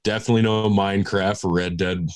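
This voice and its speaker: Male podcast co-host, very deep voice, dry profane wit. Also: steady tone, fairly quick. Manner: wry, profane banter with sighs. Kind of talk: casual chat.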